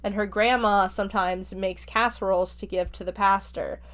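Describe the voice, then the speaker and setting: A woman hosting a podcast walks through a book's plot in a relaxed, rambling way and leans on fillers as she goes. Her voice sits in an ordinary middle pitch for a woman. She sounds like she is chatting rather than reading from a script. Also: normal speed. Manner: chatty, filler-heavy retelling. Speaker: podcast host reviewing a book. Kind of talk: casual spoken plot summary.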